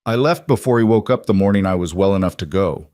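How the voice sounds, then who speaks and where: A man voicing a quiet, careful cowboy who speaks plainly in a storybook reading. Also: low voice, lively intonation, fast, no room sound, studio quality. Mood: quiet, earnest.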